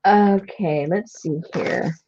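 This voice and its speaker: A woman hosting a casual craft livestream, tired and soft-spoken, laughing often as she chats. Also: lowish voice, takes it slowly, a little hiss or hum. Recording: dull lo-fi sound.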